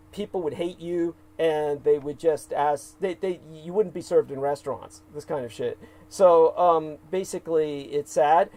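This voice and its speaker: A man's voice: on the high side, a little mellow, poor audio. A man co-hosting a livestream, talking at length in a hesitant, rambling way full of fillers and restarts. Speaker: livestream co-host.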